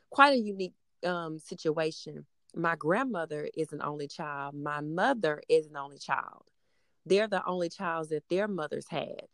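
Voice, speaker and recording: A woman's voice: on the low side, no echo, clean studio sound. A woman in her thirties, a mother, talking casually and rambling with many fillers. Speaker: mother of a middle-school daughter. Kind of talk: casual conversation.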